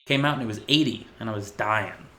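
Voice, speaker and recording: Young guy cohost, lowish voice, dry teasing, kinda echoey room. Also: fairly quick, a bit bright, slight background noise. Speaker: podcast co-host. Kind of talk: casual chat.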